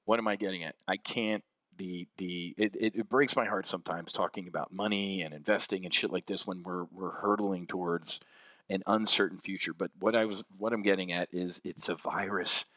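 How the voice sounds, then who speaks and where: The host of an options trading show speaks in a low-pitched, sharp voice with fairly even intonation at a moderate pace. His unscripted market commentary is blunt and heated, alternating between anger and somber reflection, and the recording is dry and dull.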